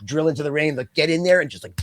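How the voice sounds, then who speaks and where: Rambling animated male podcast co-host. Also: a little high, rapid-fire, a little hiss or hum. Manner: rambling, animated, fillers and mock impressions. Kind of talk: casual chat.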